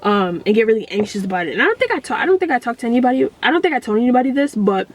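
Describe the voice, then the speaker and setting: A young woman vlogger telling a story in a rambling, animated way with many fillers. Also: on the high side, racing. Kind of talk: storytime vlog.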